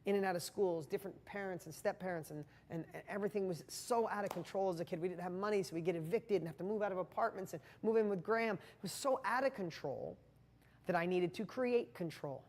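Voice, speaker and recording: A man's voice: high voice, quick pace, in a large hall. A man giving an earnest, impassioned motivational talk, speaking straight to the viewer.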